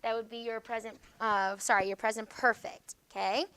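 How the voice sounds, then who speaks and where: A woman teacher with a fairly high, bright, forceful voice walks students through grammar. She is patient and explanatory, and she keeps checking their understanding with a quick "okay?". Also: level tone, smooth. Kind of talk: classroom grammar lesson.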